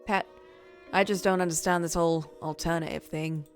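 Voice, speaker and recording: Woman reading as fretful older mother, nagging, doting, lowish voice, faint music behind. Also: fairly even intonation, moderate pace, close to an everyday voice. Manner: gently scolding, doting. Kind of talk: reading game dialogue aloud.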